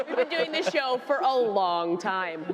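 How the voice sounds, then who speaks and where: A woman from Canada telling a story on a panel, laughing and animated as she talks. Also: a little high, a little slow, a crowd in the background. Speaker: actor on a panel. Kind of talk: casual panel chat. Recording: live hall with audience.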